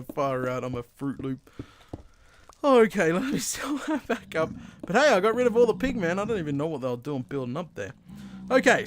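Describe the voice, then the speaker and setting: An Australian man chatting his way through his own gameplay, excitable and quick to laugh at himself. His voice sits a bit high and swings widely up and down. There is clear background noise throughout the home recording. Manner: excitable, chatty, self-deprecating. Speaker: gaming video host. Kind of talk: casual game commentary.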